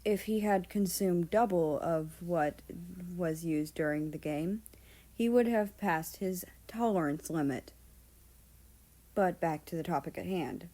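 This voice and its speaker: A woman's voice: lowish voice, measured pace, dark tone. A woman reading fan fiction aloud, narrating casually with offhand asides and the odd swear word. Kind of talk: storybook narration.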